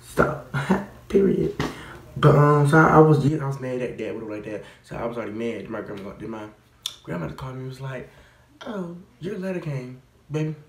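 A young man in his teens, vlogging in casual, slangy, expressive chat that rambles and stutters. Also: mid-range voice, fast talker, gravelly, echoey room.

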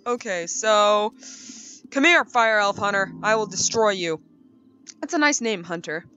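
A young woman giving playful, chatty commentary over her gameplay, often jumping to high, excited bursts. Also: moderate pace, dull audio, soft background music. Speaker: gaming YouTuber.

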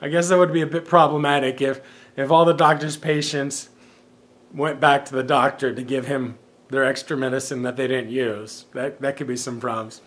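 A male vlogger tells everyday stories in a casual vlog, rambling, amused with himself, often laughing at his own jokes, and letting his thoughts trail off softly at the end. His voice is mid-range and steady in tone, at a normal speed.

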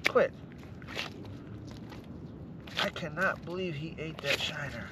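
A man, excitedly talking to viewers while ice fishing on a frozen lake. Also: on the high side, moderate pace. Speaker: fishing vlogger. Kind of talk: casual outdoor commentary. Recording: outdoor wind noise, distant mic.

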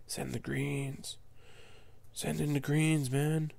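Gravelly young man muttering game commentary. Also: unhurried, a little mellow. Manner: muttering to himself, then flaring into high exasperated yelps. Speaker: gamer commentating his own match. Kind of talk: casual gameplay commentary.

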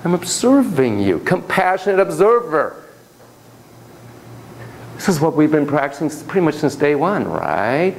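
Guy lecturing a psych class, lively, goes quiet then punchy, repeats himself, faint hiss behind. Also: on the high side, rough recording. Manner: animated, swings between soft and emphatic, repeats phrases. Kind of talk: classroom lecture with a volunteer demonstration.

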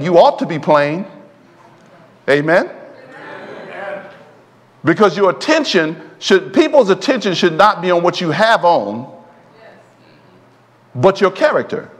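Male preacher, fairly high and very lively pitch, calling for amens, long church reverb. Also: slow, long pauses. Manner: call-and-response preaching, often asking the congregation for an amen. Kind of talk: sermon. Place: church sanctuary.

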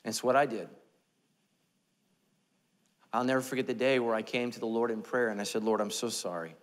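A man's voice: mid-range voice, fairly even intonation, a little fast. Joking conversational male pastor in an echoey hall. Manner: humorous, self-deprecating, conversational. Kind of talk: sermon.

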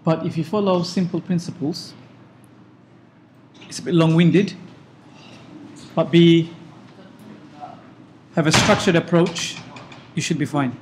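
A man's voice: on the high side, slow, long pauses, slight background noise. Questioning male maths teacher. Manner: probing, corrective questions. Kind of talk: classroom tutoring.

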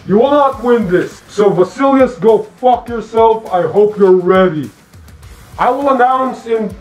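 A man with a notably high voice delivers an angry, profane in-character rant for his channel. He speaks slowly in short, repeated, declamatory phrases, often halting and restarting mid-thought. Faint music plays underneath. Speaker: online channel host. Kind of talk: in-character online lore rant.

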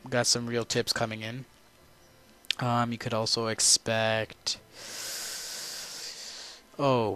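Tired, rambling young-sounding man, flat delivery. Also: mid-range voice, clean tone. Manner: rambling, full of "you know" and "um". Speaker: gaming channel host. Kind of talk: casual talk to viewers.

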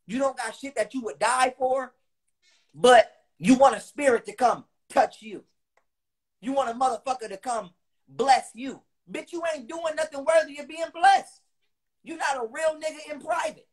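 Guy with a high voice ranting at his viewers, lots of cursing, keeps repeating himself for emphasis. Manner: loud bursts between lower, quieter stretches. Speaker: online speaker. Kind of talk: heated monologue to viewers.

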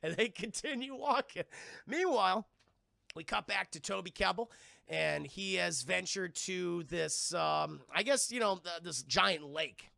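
A man streaming live, recapping a film casually, profane and excitable, and talking to his chat throughout. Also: high voice, a little slow, vocal fry, no room sound, clean studio sound.

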